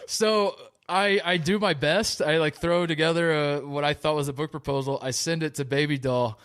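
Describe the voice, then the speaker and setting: Male podcast guest, a bit high-voiced, rambling storyteller full of "like"s and restarts. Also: fairly even intonation, moderate pace, a bit bright, clear, resonant tone. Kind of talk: casual storytelling interview.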